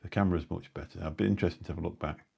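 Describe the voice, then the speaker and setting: A man's voice: low voice, fairly even intonation, very fast, creaky, darkish tone, breathy edge. A middle-aged man hosting a live stream, chatting indoors at home in a rambling, anecdotal way with dry asides. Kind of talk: casual rambling chat. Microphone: new phone or mic on a live stream.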